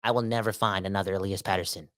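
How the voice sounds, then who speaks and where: A Canadian man hosting a sports podcast solo, talking in an animated, slangy, emphatic way and repeating himself for effect. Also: deep voice, racing. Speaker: podcast host. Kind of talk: casual sports podcast rant.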